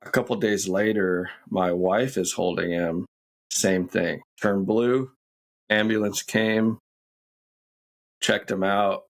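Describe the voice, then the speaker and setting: A man in his thirties tells a personal story as a podcast guest. His voice sits low and he takes his time, speaking candidly and reflectively. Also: steady tone, takes it slowly.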